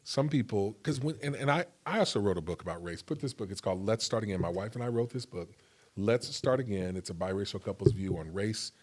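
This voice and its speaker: A man with a somewhat low voice hosts a faith talk show. He speaks earnestly and works through his thoughts as he talks, often restarting a sentence mid-way. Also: lively intonation, a little fast, darkish tone. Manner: earnest, thinks aloud with restarts. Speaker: host and minister. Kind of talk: conversational talk-show hosting.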